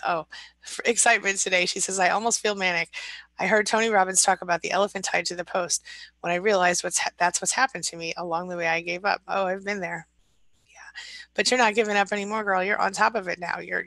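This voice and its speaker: A woman hosts a casual live stream, reading out viewer comments and answering them with encouragement. Her voice sits a little low but comes across bright and forceful. The sound is close and dry, with almost no room in it. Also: no echo, low-quality recording. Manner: chatty and supportive, reads comments aloud then responds. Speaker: live-stream host and recovery coach.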